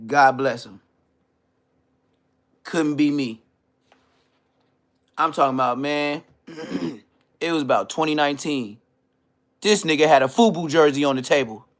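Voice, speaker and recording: A man hosting a podcast, delivering a comedic roast rant full of slang and mocking jabs, swinging between loud outbursts and low muttered asides. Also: a little slow, long pauses. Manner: trash-talking, heavy slang, mocking. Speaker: podcast host.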